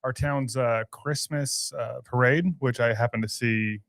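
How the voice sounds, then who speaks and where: A man's voice: medium pitch, fairly even intonation, measured pace, fairly bright tone. A man with a Texan accent co-hosting a podcast, laid-back with dry jokes. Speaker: podcast co-host. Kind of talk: casual chat.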